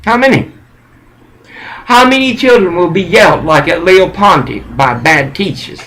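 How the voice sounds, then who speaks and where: Slow, high-voiced man preaching rambling. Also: expressive, bright, forceful tone, low-quality recording. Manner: intense, halting, repeats phrases.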